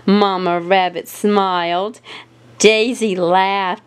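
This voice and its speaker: A woman's voice: a little high, expressive, drawn-out words. A woman reading a children's picture book aloud with a playful, sing-song delivery. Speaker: storyteller.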